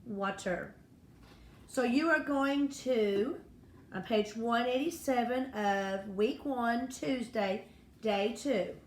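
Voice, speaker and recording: Woman teacher, slightly high voice, slow deliberate pace, echoey room, faint background noise. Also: a little mellow. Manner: slow, patient, encouraging teacher talk to young children. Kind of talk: first-grade phonics lesson.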